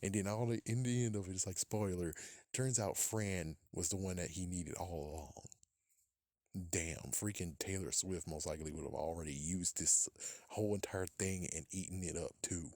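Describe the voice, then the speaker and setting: A man's voice: deep voice, normal speed, darkish tone, dry recording, studio quality. A man hosting a podcast, ranting casually in a profane, exasperated way and laughing at his own jokes. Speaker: podcast host.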